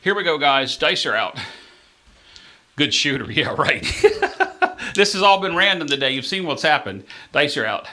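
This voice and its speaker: A man's voice: on the high side, moderate pace, noisy background. Chatty man calling dice rolls live. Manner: chatty, talks straight to viewers, jumps in excitement when dice land. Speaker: host of a live craps stream.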